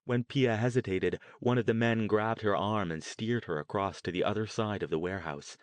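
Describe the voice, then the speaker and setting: Low-voiced man narrating an audiobook. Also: dry recording. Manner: measured, steady storytelling. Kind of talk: scripted narration.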